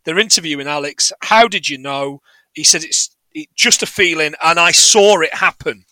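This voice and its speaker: Bright, sardonic man recapping a film. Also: on the high side, normal speed, no room sound. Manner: sardonic, sweary, laughs at his own jokes. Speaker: podcast co-host. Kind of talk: casual film recap chat.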